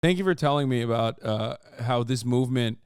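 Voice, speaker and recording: Man ranting profanely, crisp dry voice. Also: medium pitch, brisk, darkish tone, dry recording. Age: 30s. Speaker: streamer reacting to a video. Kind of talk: casual livestream commentary.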